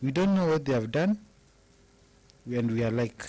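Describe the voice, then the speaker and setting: A man's voice: medium pitch, animated, normal speed, pauses often, warm tone. A man with a Kenyan accent co-hosting a casual live-stream chat, musing and repeating phrases for emphasis while mixing in Swahili. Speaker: co-host.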